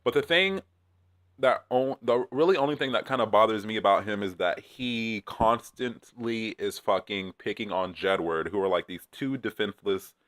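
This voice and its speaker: A man's voice: on the low side, moderate pace, a bit bright, dry recording, clean studio sound. A man chatting casually in a rambling, profane way, with many fillers, as he recaps a reality show. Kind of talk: casual chat.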